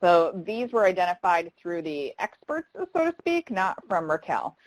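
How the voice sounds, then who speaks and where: A woman's voice: lowish voice, very animated, measured pace, low-quality recording. A woman trainer running a live online training session, talking conversationally and reading chat comments aloud with frequent ums.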